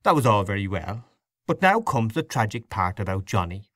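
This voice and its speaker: Male reader playing a droll genial host, lowish, very animated. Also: normal speed, no echo, clean studio sound. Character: genial man telling a comic family tale.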